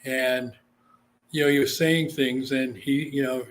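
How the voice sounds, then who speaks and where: A man's voice: medium pitch, a little slow. A man from Guam, a psychic medium, telling a story in a casual interview and acting out the voices he quotes. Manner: animated, acts out quoted voices.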